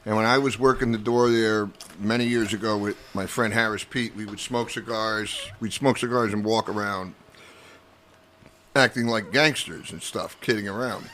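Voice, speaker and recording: Low-voiced guy on a comedy podcast, unhurried storyteller, bit of hiss behind. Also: steady tone, a bit bright. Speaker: podcast guest. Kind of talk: casual chat. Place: comedy club room.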